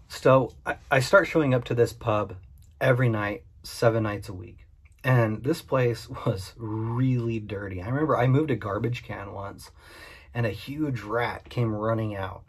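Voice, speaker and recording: A man's voice: fairly low pitch, a little slow, slightly rough. A man who runs a cleaning business, casually and candidly telling a story about his past work to the camera. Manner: conversational and candid, with frequent fillers.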